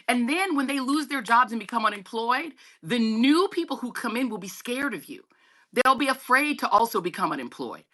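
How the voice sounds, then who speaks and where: A middle-aged woman appears as a guest journalist discussing politics, her voice animated, bright, and forceful at a normal speed. She's emphatic and conversational, swinging her pitch widely and addressing listeners as y'all.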